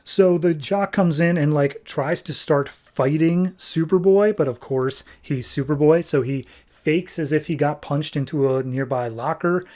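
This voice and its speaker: Guy on a comics podcast going thru the plot, kinda higher voice, gets fired up over mistakes. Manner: animated, exasperated nitpicking, quick paraphrased dialogue. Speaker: podcast host reviewing comics. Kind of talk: casual recap of a comic.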